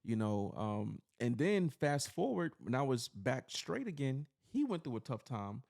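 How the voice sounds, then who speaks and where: Gravelly man telling a personal story. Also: medium pitch, big pitch swings, measured pace, darkish tone. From New York City. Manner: earnest, rambling, fills with "you know". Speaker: podcast host. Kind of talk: personal storytelling in casual chat.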